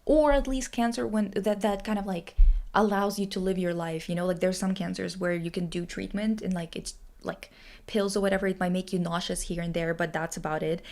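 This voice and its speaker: A woman's voice: on the low side, fairly even intonation, brisk, darkish tone. A young woman streaming and chatting casually, blunt and emphatic, with frequent swearing. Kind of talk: casual livestream chat.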